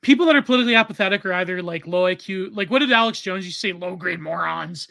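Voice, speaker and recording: A young man co-hosts a casual livestream with a high, sharp voice. He chats loosely, trailing off with plenty of filler. His voice sounds dry and close. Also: rapid-fire, dry recording. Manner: chatty, trailing off, lots of likes and filler. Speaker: podcast co-host.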